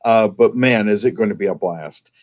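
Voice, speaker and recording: A man's voice: fairly low pitch, normal speed, darkish tone. A man being interviewed as a guest, describing his museum in an upbeat, promotional way. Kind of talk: interview answers.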